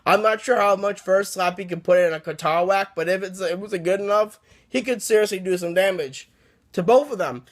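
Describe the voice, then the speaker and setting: An excitable man reviews a book in a loose, rambling way, often restarting his sentences. His voice sits fairly high for a man. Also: a little fast.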